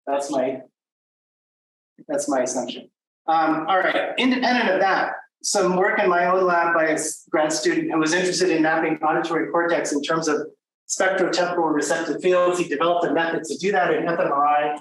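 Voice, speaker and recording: A man's voice: fairly high pitch, fairly quick, fairly bright tone. A man giving an academic lecture in a conversational way, with many fillers and restarts. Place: workshop lecture room. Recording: echoey room from a distant mic, faint noise.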